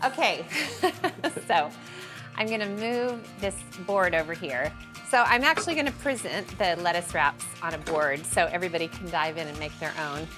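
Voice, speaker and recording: Here the host has a lowish, expressive voice at a normal pace. She runs a casual cooking demo in a home kitchen, bantering playfully with the crew, with music and a sizzling pan behind her.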